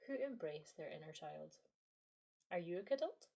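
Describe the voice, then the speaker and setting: This Scottish woman from the Highlands, somewhere in her late twenties or thirties, hosts a podcast and also lectures. Her voice sits on the low side, dark and expressive, with vocal fry and a moderate pace. She delivers a reflective, playful, self-deprecating monologue.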